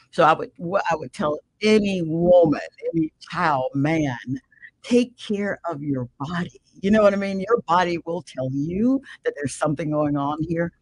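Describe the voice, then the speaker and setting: An older woman, described as a guest and radio show host, gives an emotional personal testimony of faith in a fairly low voice, emphatic and preacher-like, calling the listener "man." The recording has no echo and poor audio.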